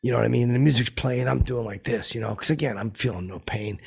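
A man telling a rambling, halting story in a deadpan way, full of fillers and sound effects, as a boastful hanger-on. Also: lowish voice. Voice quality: gravelly, husky. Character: dim, boastful washed-up male hanger-on telling tall tales. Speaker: comedy podcast host in character.

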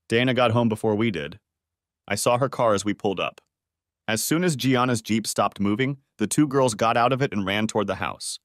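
A man's voice: on the low side, brisk, no echo, studio quality. A man narrating a first-person story audiobook, reading expressively. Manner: expressive, voicing quoted lines.

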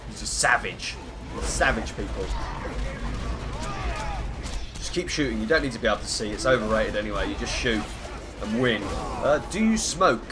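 A man with a croaky voice chatting through live gameplay commentary, greeting viewers and humming between lines. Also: on the low side, expressive, normal speed, long pauses, music in the background. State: hoarse, croaky voice. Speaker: game streamer. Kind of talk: live gameplay commentary, reading chat aloud.

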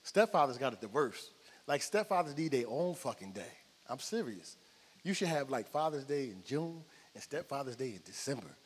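A man doing a profane stand-up comedy set, loud and animated, telling stories on a comedy club stage. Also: mid-range voice, breathy edge. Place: comedy club stage before a live audience. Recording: live room with long reverb, crowd noise.

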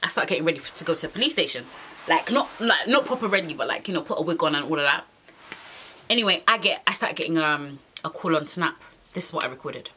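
Animated, exasperated young British woman. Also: low-pitched, fast, a little hiss or hum. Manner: exasperated, dramatic, full of slang. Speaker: vlogger. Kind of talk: storytime monologue.

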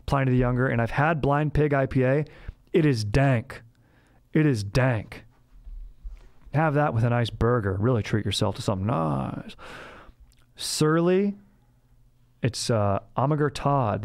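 A man's voice: medium pitch, vocal fry, a little mellow. A man hosting a comedy podcast, rambling in slangy, laid-back banter. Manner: slangy, rambling, says dude a lot. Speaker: podcast host.

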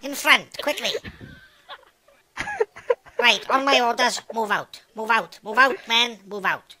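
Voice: medium pitch, slow pace, background noise. A performer voicing a bossy, foul-mouthed Welsh man who barks orders at other players in an online game, speaking into a headset mic. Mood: commanding. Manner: bossy, swearing, barking orders. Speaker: gaming video host. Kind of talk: comedic in-game role-play.

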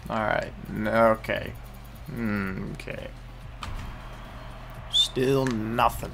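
A man's voice: on the low side, measured pace, creaky, a bit bright, slight background noise. A man hosting a gaming video, chatting to himself and his viewers while he plays. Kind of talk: gameplay commentary.

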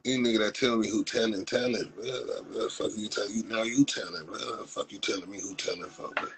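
Raspy, forceful Los man roasting viewers. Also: lowish voice, fairly even intonation, a little fast, poor audio. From Compton, Los Angeles. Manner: profane, mocking roasts of viewers with frequent laughs. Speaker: live stream host. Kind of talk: casual live stream chat.

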